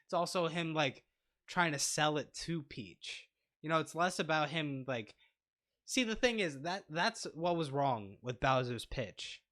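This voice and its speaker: Recorded with a lavalier microphone, a man co-hosts a relaxed movie podcast, joking around, wandering off topic and restarting sentences often. His voice sits on the high side, a bit bright, with lively intonation and a measured pace.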